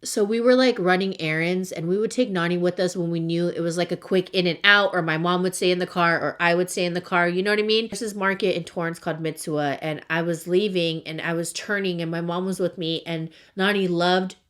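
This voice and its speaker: A young beauty vlogger chats casually while doing her makeup in a get-ready-with-me video, telling stories loosely with lots of "like." Her voice is lowish, steady and a bit bright, and she talks fairly quickly with hardly any pauses.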